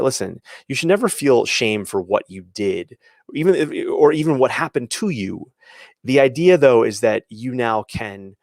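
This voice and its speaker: A man's voice: mid-range voice, vocal fry, no room sound, studio quality. A man hosting a sports coaching show, giving emphatic opinions with many restarts and quoted asides. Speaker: podcast host and athletic coach. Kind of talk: opinionated solo commentary.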